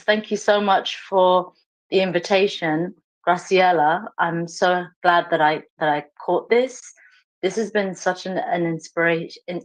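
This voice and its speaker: A woman's voice: fairly low pitch, rough recording. A woman from London with an English accent, joining a casual live audio chat as a listener and speaking in an earnest, effusive way. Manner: earnest, effusive, talks in halting restarts. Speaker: audience member joining the chat.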